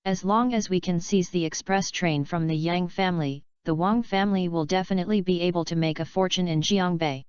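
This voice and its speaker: A woman's voice: lowish voice, a little fast, hardly any pauses, clean tone, no room sound, dull audio, lightly acted. A woman reading a pushy, scheming rich father. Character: scheming father of a rich family, middle-aged man.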